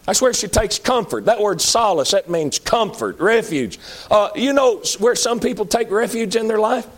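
A man preaching a sermon, moving between loud high-pitched calls and low pleading appeals. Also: lively intonation, moderate pace.

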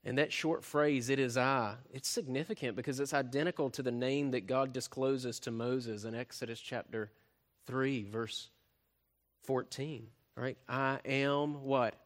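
A man's voice: medium pitch, steady tone, a little slow. Man preaching with rising, falling intensity. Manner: frequent tag questions "right?", swells louder then drops soft. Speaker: pastor. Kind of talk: sermon.

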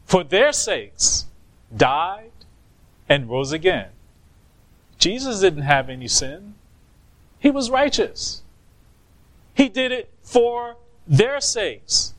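A man preaching a sermon, slow and emphatic, pleading with rhetorical questions. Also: sits high, fairly bright tone. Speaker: pastor.

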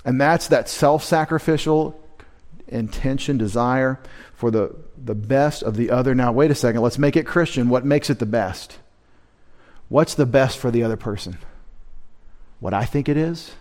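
A man's voice: medium pitch, moderate pace, a little mellow. A man preaching a midweek sermon as pastor, emphatic, asking rhetorical questions and quoting scripture.

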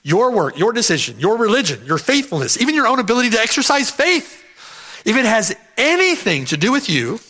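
A man's voice: very high-pitched, very animated, fairly quick, bright, forceful tone. A man preaching an expository sermon, emphatic, repeating key phrases and checking in with "right?".

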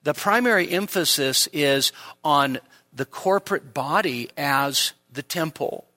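A male preacher gives a teaching sermon at a church service, taking his time over each point. His voice sits a little high and sounds bright and forceful. He puts rhetorical questions to the congregation and sinks into quiet asides. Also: animated, a little slow. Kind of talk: expository sermon.

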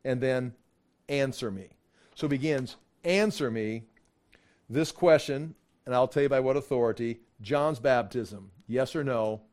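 A man teaching a casual Bible study, acting out the dialogue in his own voice and laughing as he gets animated. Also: medium pitch, measured pace.

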